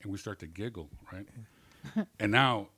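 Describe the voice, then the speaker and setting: A man, a comedian and guest on a talk show, telling a story in a loose, animated way, laughing as he acts out what people said. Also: on the low side, moderate pace, husky. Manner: animated anecdote with laughter and acted-out quotes. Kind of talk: casual storytelling.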